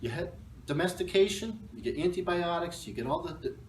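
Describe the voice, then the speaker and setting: A man's voice: high voice, expressive, fairly quick. Joking male talk show host, echoey room. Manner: joking, rambling, laughs often. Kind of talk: casual livestream chat. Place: arts center room. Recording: echoey room, mic at a distance, faint noise.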